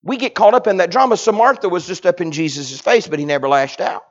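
Impassioned preacher, somewhat high voice. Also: male voice, quick pace. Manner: impassioned, swings from loud to hushed. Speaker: pastor. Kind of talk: sermon. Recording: dull lo-fi recording.

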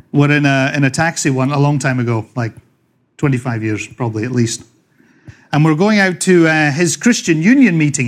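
A middle-aged man with a Scottish accent preaching a sermon, chatty and joking with the congregation, reading scripture slowly and loudly. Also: on the high side. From Scotland. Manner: slows and swells when reading scripture. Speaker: pastor. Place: church.

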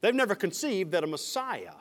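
A man's voice: high-pitched, huge pitch swings, brisk, fairly bright tone. A man, a senior pastor, preaching an expository sermon verse by verse, with friendly asides to the congregation. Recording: reverberant church hall.

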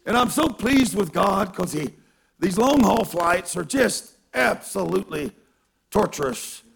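A man preaching a sermon through a self-mocking story, animated and given to bursts of shouting. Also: sits high, a little slow, creaky, slightly rough.

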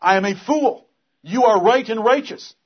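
Husky-voiced man preaching earnestly. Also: high-pitched, normal speed, lo-fi sound. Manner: earnest preaching, rising and forceful when reading scripture. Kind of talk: sermon.

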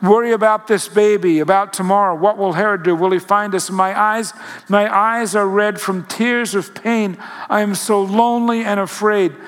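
A man voicing a frightened, lonely teenage mother who pleads softly, her voice breaking. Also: sits high, fairly even intonation, normal speed, voice pushed up. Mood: pleading, fearful. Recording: long hall reverb.

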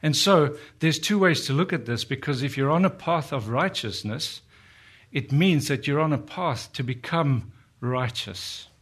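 A man preaching a sermon, earnestly asking his listeners questions and slowing down to dwell on the scripture he quotes. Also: a little high, animated, fairly bright tone. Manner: earnest, rhetorical questions to the congregation.

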